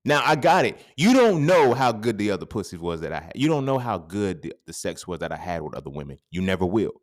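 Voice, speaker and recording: A man in his thirties hosting a podcast, talking in a casual, profane monologue that swings into sudden loud outbursts. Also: lowish voice, very animated, fast. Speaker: podcast host.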